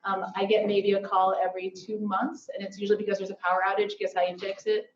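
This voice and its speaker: A woman's voice: medium pitch, flat delivery, fast talker. Woman presenting in an echoey hall. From Silicon Valley. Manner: upbeat, joking asides. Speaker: workshop presenter. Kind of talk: conference presentation. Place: lecture hall. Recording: echoey hall from far off, dull.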